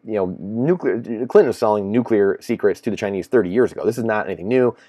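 A man's voice: on the low side, animated, fast, dark tone, no room sound, studio quality. A man in casual solo commentary, rambling and repeating himself, sounding incredulous. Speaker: finance commentator.

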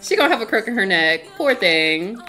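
A woman's voice: mid-range voice, sing-song, a little fast, sharp tone, faint music behind. A woman streaming a game in casual, chatty commentary, laughing often and talking to her chat.

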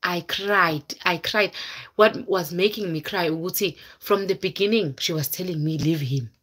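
Speaking on the low side with a breathy edge and a fairly bright tone, this woman vlogger keeps a moderate pace. Her casual story for live viewers comes out dramatic and full of exclamations, sprinkled with local words.

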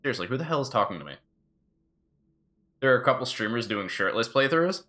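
Animated, joking male game streamer. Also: mid-range voice, fairly quick. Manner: joking, animated, swears freely. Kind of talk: casual live gameplay commentary.

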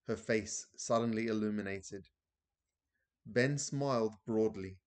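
A man reads a children's chapter book aloud in a relaxed, unpolished way, stumbling now and then and backing up to restart a phrase. His voice sits on the lower side. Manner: casual reading with slips and restarts. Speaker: reader.

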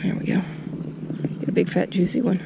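A chatty fishing vlogger talks briskly while fishing from a kayak outdoors, with clear wind and water noise behind her. She uses folksy phrases as she speaks to both the fish and her viewers.

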